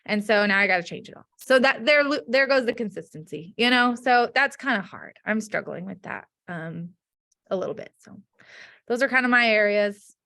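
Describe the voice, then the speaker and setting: A woman teacher talks through her classroom difficulties in a frank, chatty way, filling her sentences with "like." Her voice is bright and forward at an ordinary middle pitch. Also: expressive, normal speed, gravelly, no echo, clean studio sound. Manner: frank, chatty, heavy use of "like". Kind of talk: casual group discussion.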